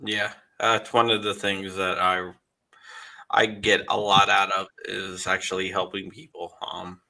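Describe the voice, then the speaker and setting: A man hosting an interview, asking halting questions with restarts. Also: deep voice, flat delivery, gravelly, pushed and bright. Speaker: podcast host.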